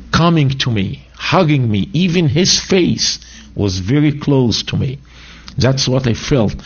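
A man's voice: medium pitch, highs cut off. Egyptian-born man preaching his testimony. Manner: animated storytelling, broken grammar, voices quotes. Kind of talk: sermon testimony.

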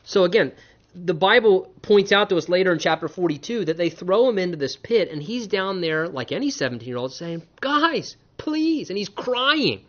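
Male pastor working through scripture verse by verse; punchy emphasis, hushed asides, slightly raised voice, muffled lo-fi capture. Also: high voice, lively intonation, brisk. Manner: emphatic, varies between loud stresses and quiet asides. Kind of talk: expository sermon reading scripture with commentary. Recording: dull lo-fi sound.

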